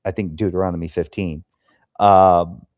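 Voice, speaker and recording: A man hosting a casual live stream, an animated storyteller who acts out the quotes he tells, talking into a headset. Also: sits low, moderate pace, dry recording. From California. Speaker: host. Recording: dull dry headset sound.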